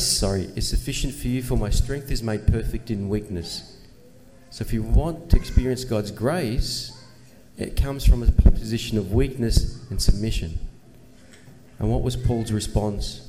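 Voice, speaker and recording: A man's voice: mid-range voice, lively intonation, moderate pace, dark tone. A man preaching a sermon in an earnest manner, asking rhetorical questions and pressing his points with emphasis. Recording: long reverb, faint ambient noise.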